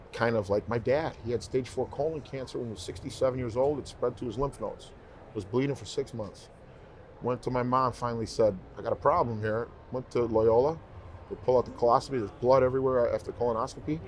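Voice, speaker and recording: A man's voice: mid-range voice, steady tone, a little fast, a little hiss or hum. A man, a guest in an interview, telling heartfelt stories in casual conversation and repeating phrases for emphasis. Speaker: interview guest, professional singer.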